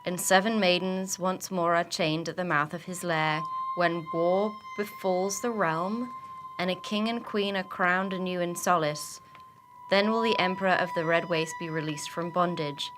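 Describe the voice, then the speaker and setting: A woman player reading a prophecy aloud in a steady, formal way. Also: on the low side, moderate pace, noisy background. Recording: music playing behind.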